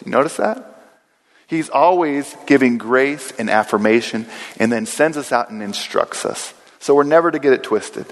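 A man preaching a sermon in a church, earnest and steady, slowing down and repeating key phrases for weight. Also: medium pitch. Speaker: pastor. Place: church sanctuary. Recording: long hall reverb.

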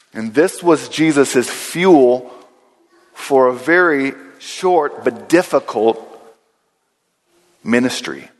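A man's voice: a little high, expressive. Man preaching in a reverberant hall. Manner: earnest preaching, slows down and repeats key phrases. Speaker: pastor. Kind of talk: sermon. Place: church sanctuary.

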